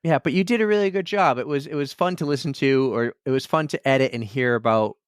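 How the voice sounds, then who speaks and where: A man's voice: mid-range voice, fast talker, clean tone, no room sound, clean studio sound. A man co-hosting a running podcast in casual chat, joking and rambling with frequent repeats. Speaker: podcast co-host.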